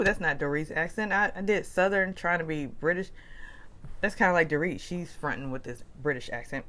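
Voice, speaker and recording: A woman recaps reality TV in a casual, gossipy voice. Her pitch swings up and down animatedly, and she talks in chatty, quick-changing bursts. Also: expressive, pushed and bright. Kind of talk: casual commentary.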